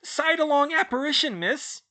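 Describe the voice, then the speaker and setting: A man voicing a timid male house elf servant who squeaks in broken grammar. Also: lively intonation, normal speed, pushed and bright, exaggerated voice. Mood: urgent.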